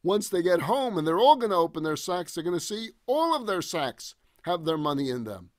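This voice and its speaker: A male rabbi teaching a Bible study class, reading verses aloud and retelling them in casual, expressive paraphrase. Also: high voice, fairly quick, hardly any pauses, dry recording, studio quality.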